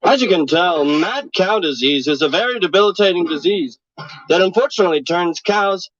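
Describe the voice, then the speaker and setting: A man playing a deadpan male local news reporter with a slow, mock-formal delivery, heard from a dull clip. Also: high voice, a crowd in the background.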